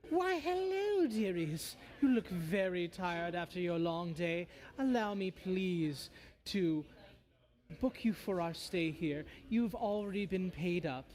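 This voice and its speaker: A man's voice: high voice, lively intonation, slow, a little mellow. A man voicing a sly, mock-polite bone devil who trades in contracts. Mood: sweetly sinister. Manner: silky, mock-courteous.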